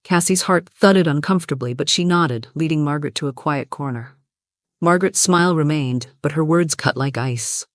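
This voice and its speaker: A narrator reading a romance story in an even, steady way. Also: mid-range voice, normal speed, dry recording, studio quality.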